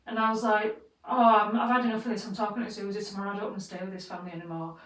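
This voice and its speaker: A woman co-hosting a podcast, telling a story in a casual, animated way and swearing freely. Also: medium pitch, very fast, recorded from a distance. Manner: animated, swears freely, acts out quoted voices. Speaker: podcast co-host. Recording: roomy sound, away from the mic.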